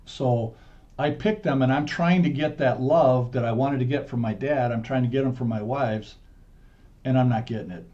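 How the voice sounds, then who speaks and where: A man's voice: medium pitch, dark tone. A middle-aged man, a podcast guest, telling his story in a candid, earnest, conversational way. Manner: earnest, frank, speeds up and slows down to stress points. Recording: dull muffled podcast audio.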